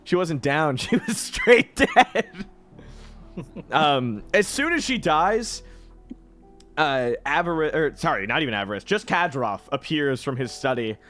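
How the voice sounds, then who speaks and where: Brief: male game master, unhurried with a lively swinging pitch, chuckles as he narrates. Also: soft background music. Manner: chuckling, restarts often.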